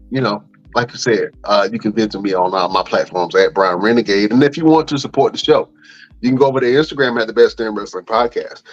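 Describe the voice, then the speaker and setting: Chatty male podcast host, muffled lo-fi sound. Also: mid-range voice. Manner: loose, chatty, filler-heavy delivery. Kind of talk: casual show outro with plugs. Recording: dull lo-fi audio, faint music.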